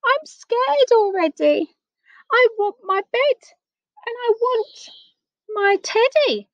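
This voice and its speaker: A frightened little boy from a children's storybook, as a woman reader puts him on. His voice sits high and swoops about, fearful and wide-eyed. The recording is dull and dry. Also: wildly swooping pitch, slow, no room sound, heavily acted. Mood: scared. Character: small scared young boy.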